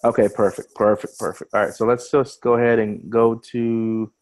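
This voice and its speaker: A man's voice: medium pitch, level tone, moderate pace, a little mellow, poor audio. A man giving a casual screen-share webinar walkthrough as an online marketing trainer. He talks over a video call, often repeating words and restarting phrases as he explains.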